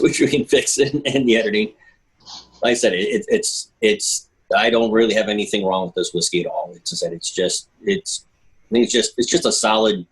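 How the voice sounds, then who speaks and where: Husky-voiced man co-hosting a casual chat. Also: on the low side, rough recording. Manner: joking, self-deprecating, halting restarts. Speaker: podcast co-host.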